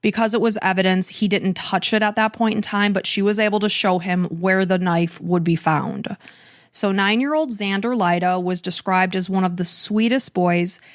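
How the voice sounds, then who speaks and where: A woman's voice: medium pitch, moderate pace, no room sound, studio quality. A woman hosting a true crime podcast, earnestly recounting events step by step. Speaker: podcast host.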